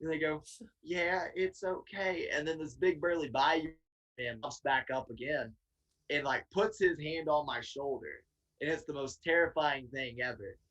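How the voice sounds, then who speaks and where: A man from Tennessee, a guest wrestler, telling a casual, animated story with laughs and swearing. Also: fairly high pitch, moderate pace, lo-fi sound.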